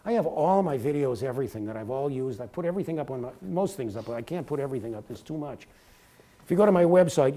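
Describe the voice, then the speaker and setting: A middle-aged man speaking to a university audience, spinning career stories with lively energy. His voice sits at an ordinary pitch with a dark, mellow tone. Now and then he breaks into a sports announcer's rhythm. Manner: animated storyteller, slips into sportscaster cadence. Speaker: speaker giving a talk. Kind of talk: motivational talk with anecdotes. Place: lecture hall at a university.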